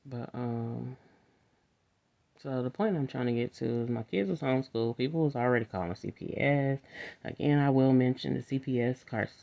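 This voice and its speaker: A woman with a gravelly, fry-edged voice talks in a rambling, frank, casual monologue and laughs often. The recording is dull and lo-fi. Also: rumbling low, moderate pace, warm tone.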